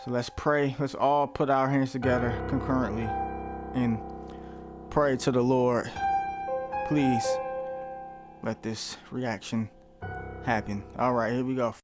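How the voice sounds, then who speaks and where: A man's voice: mid-range voice, steady tone, slow, long pauses, over music. A man hosting a movie reaction who jokes and talks back to the screen, now and then breaking into mock screams. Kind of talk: casual chat over a movie.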